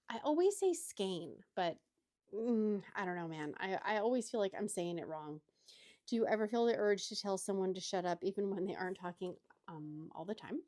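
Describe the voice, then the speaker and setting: A woman's voice: a little high, expressive, normal speed, mellow. A married woman hosting a chatty craft-unboxing vlog from her crafting table at home, gushing and gasping over each item. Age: adult, married. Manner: gushing, gasps and exclaims often. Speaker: craft channel host.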